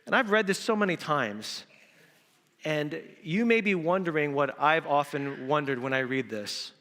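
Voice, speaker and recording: A male pastor preaching an Easter sermon in a church, animated and acting out quotes in different voices. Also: on the high side. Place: church sanctuary. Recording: reverberant church hall.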